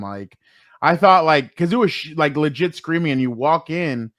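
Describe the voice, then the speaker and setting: A man co-hosting a sports podcast, telling excited stories from the locker room and quoting players in a casual, chatty way. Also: fairly high pitch, moderate pace, no room sound, studio quality. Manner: excited storytelling, quotes players. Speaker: sports podcast co-host and reporter.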